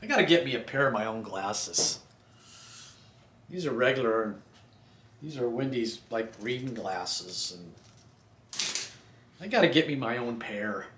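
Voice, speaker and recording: A man's voice: medium pitch, animated, unhurried, long pauses, fairly bright tone, slight background noise. Rambling man in an echoey room. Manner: rambling, friendly, says you guys. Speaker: vlogger. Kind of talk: casual vlog chat.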